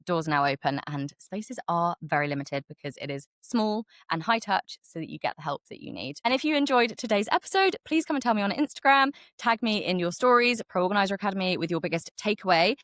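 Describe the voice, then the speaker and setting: A woman hosting a motivational business podcast, talking energetically and swearing casually, her pitch jumping up on key points. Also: expressive, fairly quick, hardly any pauses, fairly bright tone, no echo, clean studio sound. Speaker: podcast host and business coach.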